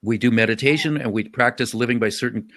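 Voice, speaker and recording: A man on a casual political panel, talking earnestly but hesitantly, with many pauses and restarts. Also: mid-range voice, a bit bright.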